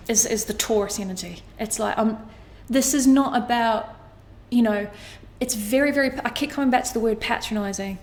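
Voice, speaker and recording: A woman giving an intuitive astrology reading to camera, animated and blunt, swearing casually as she talks. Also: fairly high pitch, moderate pace, few pauses, slight background noise. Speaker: astrology tarot reader.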